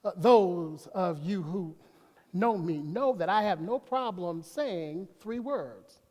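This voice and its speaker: A man's voice: high voice, animated, takes it slowly, darkish tone. A man preaching a sermon as pastor, folksy, breaking off to talk to himself and to the congregation. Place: church sanctuary. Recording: long reverb of a church hall.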